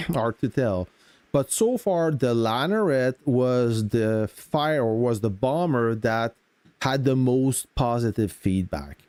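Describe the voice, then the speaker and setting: A man on a live game stream, speaking slowly in a mellow, warm voice with a mid-range pitch. He greets his viewers casually and walks through the game features at an easy pace. The sound is dry and close. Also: no room sound. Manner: relaxed, greets chat viewers, explains game mechanics.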